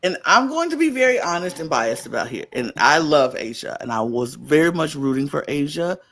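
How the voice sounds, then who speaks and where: A man's voice: fairly high pitch, brisk. A man co-hosting a podcast, chatting casually in a recap and often stopping to restart his sentences. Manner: animated, stops and restarts often. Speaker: podcast co-host.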